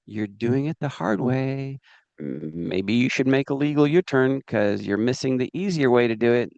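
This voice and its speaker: A man leading a live business training seminar, energetic and coaxing the audience to join in. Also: medium pitch, moderate pace, vocal fry, no echo, muffled recording.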